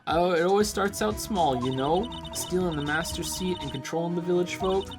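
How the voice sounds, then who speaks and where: Man putting on young gossipy woman, goofy Southern drawl, higher, louder. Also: moderate pace, music in the background. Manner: folksy cartoonish Southern drawl imitating a goofy cartoon dog. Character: bubbly young female photographer with a hick drawl.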